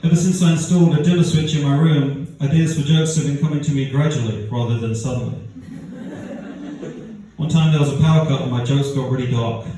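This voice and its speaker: Deadpan stand-up man with Australian-sounding accent. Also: on the high side, a little fast. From outskirts of London. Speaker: stand-up comedian. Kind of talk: stand-up comedy set. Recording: echoey room heard from far off, faint noise. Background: audience laughter.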